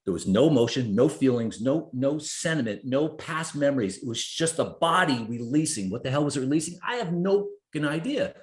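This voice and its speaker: A man in his fifties from New Jersey, a podcast guest telling stories in an animated way, swearing freely and acting out his own inner voice. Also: mid-range voice, brisk, hardly any pauses. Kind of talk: conversational storytelling. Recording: roomy echo.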